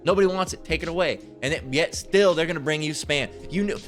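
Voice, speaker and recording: A man's voice: on the high side, quick pace, fairly bright tone, faint music behind. Stammering, foul-mouthed male street preacher. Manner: crude, stammering, keeps asking "right?". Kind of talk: profane Bible commentary rant.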